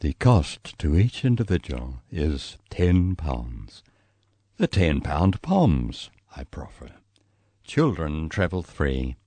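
A man with a New Zealand accent reading his travel memoir aloud, storytelling in a lively way. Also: slow, breathy edge, dry recording. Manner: lively storytelling, voicing quoted people with raised pitch. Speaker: memoir reader.

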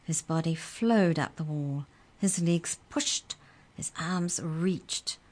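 A woman reading a children's story aloud in a calm, measured way. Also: sits low.

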